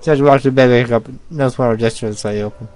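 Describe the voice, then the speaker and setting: A man's voice: mid-range voice, fast talker, a little mellow, faint music behind. A man playing a visual novel on video, reading its narration and dialogue aloud and breaking off to react and joke. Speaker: let's play gamer.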